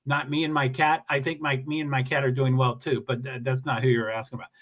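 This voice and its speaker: Alone at home on a casual livestream, a man rambles, reads viewer comments aloud and pokes fun at himself. He talks fast in a mid-range, level voice with a fairly bright tone.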